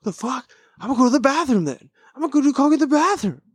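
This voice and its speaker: A man puts on a shrill, whiny partygoer who sounds thin and rushed. The outrage is childish, and the voice sits far above his normal register. Every word lands close and dry. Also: lively intonation, slightly rough, dry recording, heavily acted. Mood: indignant. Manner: high squeaky whine, rushed. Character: indignant male partygoer, shrill and petulant.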